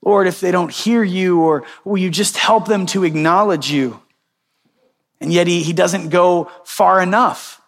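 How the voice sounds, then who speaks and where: A male pastor preaching a sermon, reading scripture and retelling it in a conversational way with lively quoted voices. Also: sits high, a little slow, in a large hall.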